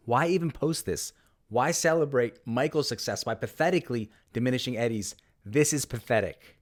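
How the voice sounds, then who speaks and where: A man hosting his own golf channel, telling a story and reading posts aloud in a sarcastic, mock-dramatic way. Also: medium pitch. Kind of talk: narrated commentary reading tweets aloud.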